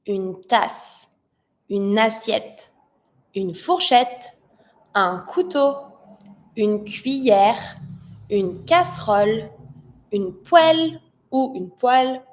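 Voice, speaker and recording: A woman with a French accent, a native French speaker teaching an online vocabulary lesson and pronouncing words slowly and carefully. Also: on the high side. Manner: slow, careful pronunciation drills, switching between English and French.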